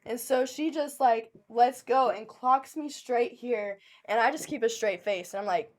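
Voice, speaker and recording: A woman co-hosting a podcast, telling a story in a blunt, profane, animated way. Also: on the high side, a little slow. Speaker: podcast co-host. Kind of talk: casual storytelling chat.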